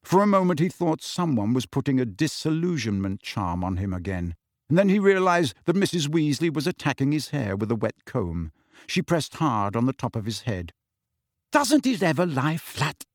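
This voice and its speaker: Brief: male storyteller, animated delivery, dry close sound. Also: mid-range voice, moderate pace, no room sound. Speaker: audiobook narrator. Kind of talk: audiobook narration.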